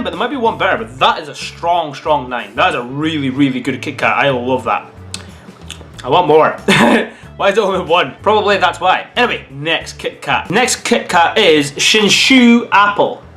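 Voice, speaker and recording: A man from Scotland vlogging a casual taste-test review, chatty and thinking aloud while he eats. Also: high-pitched. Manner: chatty and animated, muses aloud while eating.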